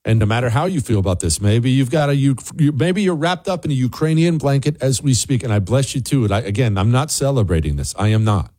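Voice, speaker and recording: A middle-aged man hosting a political opinion monologue, emphatic and animated and repeating points for effect. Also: medium pitch, quick pace, hardly any pauses, dry recording. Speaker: political commentary host.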